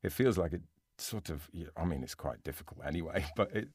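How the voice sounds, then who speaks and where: A man's voice: deep voice, expressive, brisk, husky, no echo, studio quality. A man co-hosting a writing podcast, chatting casually and thinking aloud with frequent restarts. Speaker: podcast co-host. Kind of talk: casual chat.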